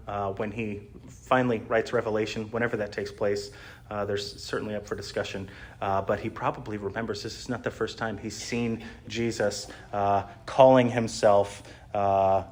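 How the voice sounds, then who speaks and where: A male pastor preaching in an easygoing, conversational way. He explains a Bible passage with many fillers and restarts. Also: mid-range voice. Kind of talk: sermon.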